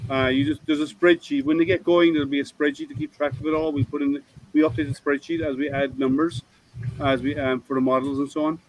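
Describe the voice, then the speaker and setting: A man's voice: a little high, fairly even intonation, fast talker, no room sound, low-quality recording. A man hosting a casual livestream hangout from home, rambling and thinking aloud with plenty of ums, talking over an online call mic. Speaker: livestream host.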